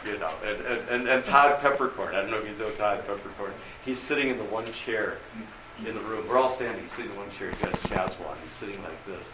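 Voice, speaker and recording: A man's voice: fairly low pitch, fast talker. Man, rambling storyteller, pastor, far from mic, dull noisy roomy recording. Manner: rambling, repeats words, storytelling. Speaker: pastor and show host. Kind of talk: casual chat.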